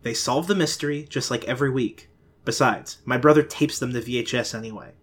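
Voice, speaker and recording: A man's voice: mid-range voice, brisk, natural voice. A man voicing a dry, sarcastic teenage girl who can see ghosts. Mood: teasing.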